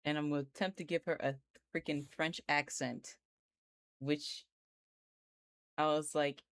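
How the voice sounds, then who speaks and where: A woman's voice: sits low, flat delivery, unhurried, pauses often, clear, resonant tone, no echo. A woman, chatting casually and giggling as she draws on a live art stream. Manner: giggly, rambling, slangy. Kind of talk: casual chat while drawing live.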